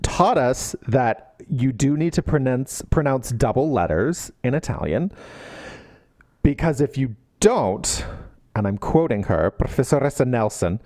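A man co-hosting a podcast, ranting in a casual, animated way and laughing often. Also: mid-range voice, a little slow, no echo. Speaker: podcast co-host. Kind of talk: casual chat.

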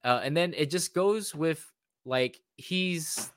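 A young man chatting casually on a podcast, sarcastic and animated, often acting out characters in mocking voices. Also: on the high side, slow pace, slight background noise. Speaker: podcast co-host.

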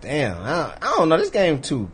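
A man's voice: a little high, huge pitch swings, moderate pace, breathy edge. A man co-hosting a casual chat, joking and laughing often. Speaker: podcast co-host.

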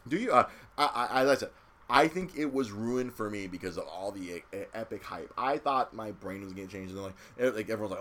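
Animated low-voiced man swearing casually. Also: fast talker. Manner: animated, swears freely, acts out quotes in silly voices. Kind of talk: casual chat, movie recap.

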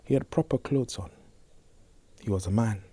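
A young man telling a personal story in a slow, intense spoken-word reading, often sinking to a whisper. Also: on the low side, mellow, husky. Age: young adult.

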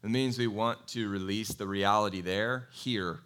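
A man preaching a sermon in a conversational, animated way, telling a Bible story and asking his congregation questions. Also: on the low side, a little slow. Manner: animated storytelling, acts out quoted voices. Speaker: pastor.

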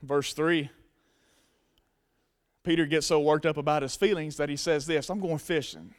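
A man's voice: on the high side, flat delivery, unhurried, clear, resonant tone. A man preaching a sermon to a congregation, emphatic and casual. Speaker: pastor.

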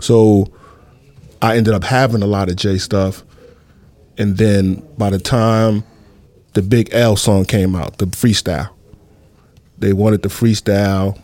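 Laid-back, low-voiced New man. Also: fairly even intonation, slow, long pauses, a little mellow, no room sound. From New York City. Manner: laid-back, rambling, many fillers. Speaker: guest. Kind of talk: casual interview storytelling.

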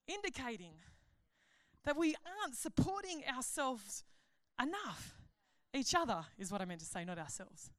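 A woman giving a sermon at a conference, chatty and animated, joking and laughing at her own stories. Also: a little high, normal speed, no echo, clean studio sound. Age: adult. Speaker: conference speaker, pastor.

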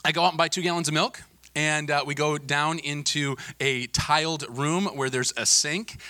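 A middle-aged male pastor telling a humorous story, animated, chuckling often and acting out the voices. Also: on the high side, normal speed, no room sound, clean studio sound.

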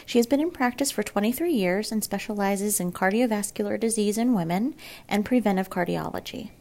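A woman's voice: medium pitch, brisk, darkish tone. Polished woman podcast moderator. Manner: polished, clear reading. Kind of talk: scripted interview hosting.

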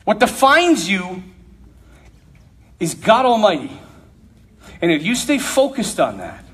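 A man's voice: sits high, wildly swooping pitch, slow pace, fairly bright tone. A man giving an emphatic, conversational sermon-style talk to a young audience, with humor mixed in. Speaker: speaker addressing a youth audience.

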